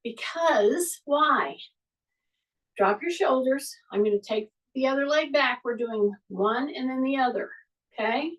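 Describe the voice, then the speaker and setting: High-voiced woman coaching an exercise class. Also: unhurried, far from the mic, rough recording. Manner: encouraging, repeats cues, counts down. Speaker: fitness instructor. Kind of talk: live online exercise class instruction.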